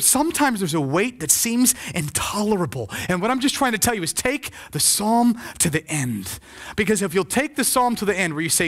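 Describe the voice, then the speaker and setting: A man with a high-pitched voice preaches a sermon in a church. He speaks with passion and acts out the prayers and complaints he quotes. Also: lively intonation, fast, fairly bright tone. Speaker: pastor. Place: church sanctuary.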